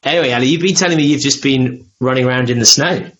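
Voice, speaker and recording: A man's voice: mid-range voice, quick pace, fairly bright tone, muffled recording. A man hosting a podcast in casual chat, rambling and self-deprecating. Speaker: podcast host.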